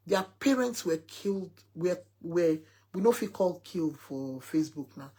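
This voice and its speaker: Husky woman telling a story. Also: on the low side, a little slow, a little mellow. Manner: emphatic storytelling, quoting her son at length. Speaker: mother sharing a story. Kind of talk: casual talk to followers.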